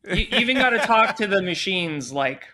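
A man's voice: sits high, big pitch swings, normal speed, bright, forceful tone. Profane man telling a story. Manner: loose and profane, with many fillers. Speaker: podcast guest. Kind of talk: casual storytelling. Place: podcast studio.

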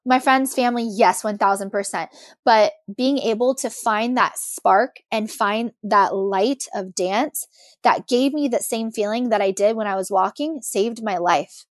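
A young woman with a fairly high voice tells a personal story as a podcast guest. She talks candidly and animatedly, with plenty of fillers. The sound is close and dry. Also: measured pace, no room sound.

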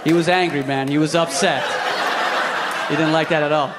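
A man doing a stand-up routine on stage, animated and acting out other people's voices in quick bursts. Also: fairly high pitch. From Philippines. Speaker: stand-up comedian. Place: concert hall stage before a live audience. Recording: live stage recording, faint crowd and noise.

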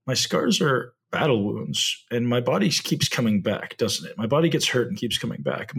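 A man's voice: medium pitch, gravelly, husky. A middle-aged man hosting a solo podcast, talking earnestly and reflectively, often asking rhetorical questions and correcting himself. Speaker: podcast host.

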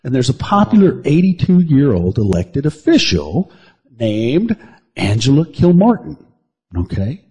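A man's voice: medium pitch, very animated, measured pace, mellow, breathy edge. A man co-hosting a crude comedy news podcast, rambling and teasing with mock outrage. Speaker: podcast co-host.

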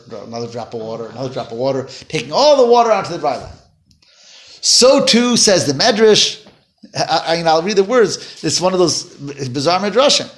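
A man teaching a Torah class to a small group, telling stories in an animated way with voiced quotes and Hebrew phrases. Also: a little high. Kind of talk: informal class storytelling. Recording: echoey room.

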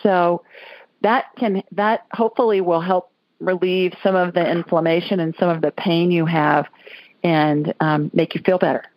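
A woman's voice: on the low side, steady tone, moderate pace. A woman from Alabama, hosting a call-in radio show in a folksy, chatty way. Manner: chatty, folksy, laughs often. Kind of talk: casual call-in radio chat. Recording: dull lo-fi audio.

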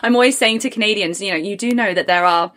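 A woman from England with an English accent, hosting a casual podcast interview, chatty and quick to laugh. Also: mid-range voice, a bit bright. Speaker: podcast host.

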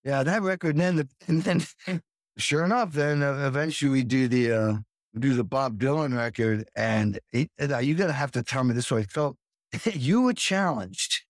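A man hosting a casual chat, an animated storyteller who acts out quotes. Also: mid-range voice, moderate pace, dry recording, clean studio sound. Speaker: podcast host, drummer.

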